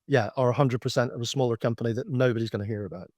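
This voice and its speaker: Speaking rapid-fire with fairly even intonation, a middle-aged man gives a slide-based business presentation in a consultant's manner, explaining patiently, drifting into anecdotes and restarting phrases often. His ordinary male-pitched voice is a little mellow, captured dry and close with no room sound.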